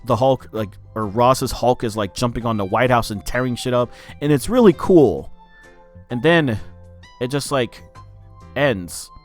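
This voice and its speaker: A man casually recapping a movie plot for his review channel, loose and profane, with lots of filler words. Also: medium pitch. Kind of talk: casual spoken film review.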